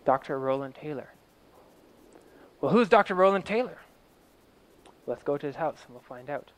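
A man's voice: on the high side, expressive, normal speed. A man telling a story in a vivid present-tense style, swelling and dropping his voice for drama.

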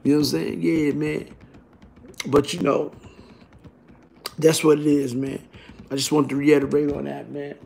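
A man from Brooklyn speaks in a raised, high register. He rambles in a raw street monologue, cursing freely and circling back with the same tag questions again and again. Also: level tone, normal speed, creaky, pauses often, a little mellow, a little hiss or hum. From Brooklyn, New York. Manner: streetwise, profane, repeats "you heard?" tags. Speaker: vlogger.

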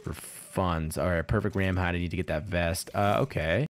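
A man's voice: low-pitched, fairly even intonation, normal speed. A man streaming a game, chatting casually and rambling with lots of swearing and laughter. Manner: rambling, profane, laughs often. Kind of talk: casual gameplay commentary.

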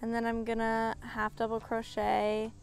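Bubbly young woman with a gravelly edge. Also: fairly high pitch, monotone, a little slow, faint music behind. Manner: bubbly, gushing, counts stitches under her breath. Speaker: crafting vlogger. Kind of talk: casual vlog chat.

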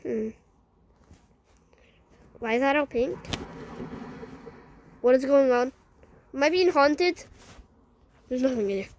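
A woman streams a game and chats with her viewers, excitable and talking to herself, often slipping into a whisper. Her voice is a little high and gravelly, and her speech is slow and drawn out. The recording has noticeable noise and clicking behind it. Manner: chatty, excitable, talks to herself while playing, often drops to a hushed whisper. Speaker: gaming vlogger. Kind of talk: playing a game while narrating to viewers.

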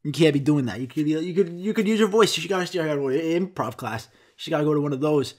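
A man's voice: fairly high pitch, lively intonation, fast talker, a little mellow. Rambling, profane man telling a comic story. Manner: rambling, profane, acts out quotes. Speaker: podcast host.

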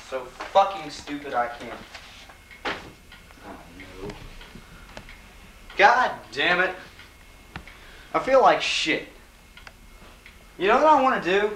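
A man doing an improvised comic rant, swearing constantly and breaking into sudden angry yells. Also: on the high side, big pitch swings, slow, long pauses, slight background noise. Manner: profane, angry outbursts, sudden yelling. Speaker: comedic ranter. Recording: roomy home camcorder sound.

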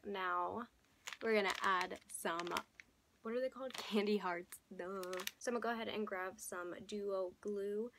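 A young woman with a hoarse voice, chatting casually as a beauty vlogger through a makeup tutorial and often dropping into soft half-whispered asides. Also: medium pitch, background noise. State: hoarse, losing her voice.

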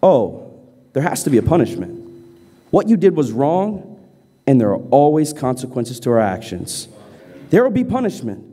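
A stern, patient school principal, played by a male preacher, speaking low, slow and grave with quiet authority. Long church-hall reverb trails each phrase. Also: sing-song.

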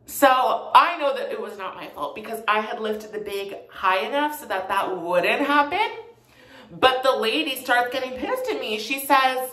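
A woman's voice: high voice, expressive, a little slow, pushed and bright. A young woman casually telling a retail storytime, chatty and sassy, in an echoey room. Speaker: vlogger.

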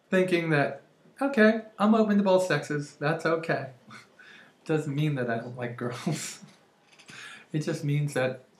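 A woman's voice: deep voice, slight background noise. A woman in her forties talking energetically and chattily to camera at home, laughing often. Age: 40s. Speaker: vlogger. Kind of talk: casual vlog monologue. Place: room at home. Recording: roomy echo.

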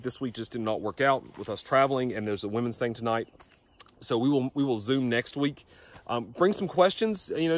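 A young man giving a youth devotion as pastor, reading scripture aloud and speaking earnestly, often restarting his sentences. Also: medium pitch. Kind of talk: home-recorded youth devotion.

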